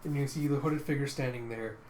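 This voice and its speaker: A man narrates a comic page by page in a relaxed, animated way and mouths the sound effects as he goes. His voice is of middling pitch. The room rings a little and there is a faint hiss underneath. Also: fairly quick, reverberant. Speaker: comic readthrough host. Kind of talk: casual comic readthrough narration.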